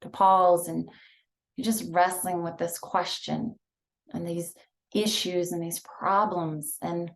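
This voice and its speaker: A woman leading a guided breathing and visualization exercise, talking softly and soothingly with many pauses. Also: lowish voice, level tone. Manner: slow, soft, soothing guidance with many pauses. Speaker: mindfulness instructor.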